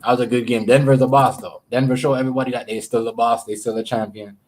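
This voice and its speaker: Husky rambling man chatting on stream. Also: medium pitch, flat delivery, fast, darkish tone. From Canada. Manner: rambling, profane, repeats words. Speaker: live streamer. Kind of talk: casual livestream chat.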